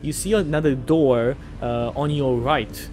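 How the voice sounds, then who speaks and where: A man's voice: mid-range voice, a little slow, darkish tone. A man narrating a fantasy tabletop game as game master, describing rooms in an easygoing way. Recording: music playing behind.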